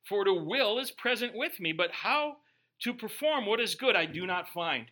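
A man's voice: high voice, expressive, moderate pace, sharp tone, poor audio. A male pastor preaching a sermon to a congregation, reading scripture aloud and breaking in with joking, conversational asides. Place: church before a live congregation.

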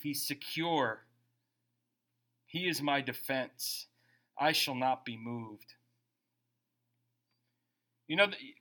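Middle aged guy preaching, chatty and animated, loud then soft, kinda high voice. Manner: animated, conversational preaching with shifting volume. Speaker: pastor. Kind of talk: sermon.

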